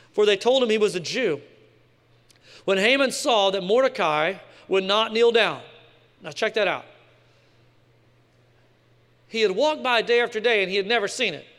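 A man's voice: very high voice, a bit bright. A male pastor giving a sermon in a casual, joking way with slang asides. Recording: long hall reverb.

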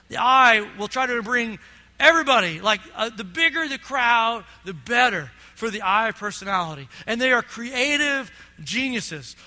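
A man's voice: extremely high pitch, sharp tone. A middle-aged man preaching a sermon to his congregation, telling stories animatedly and often checking in with "all right?". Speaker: pastor. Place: church sanctuary. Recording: long reverb of a church hall.

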